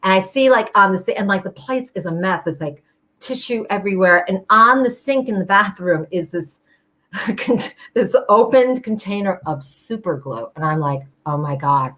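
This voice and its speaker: A woman's voice: mid-range voice, animated, moderate pace, fairly bright tone. A woman telling a personal story at a live storytelling show, chatty and full of fillers, acting out the voices of the people she quotes.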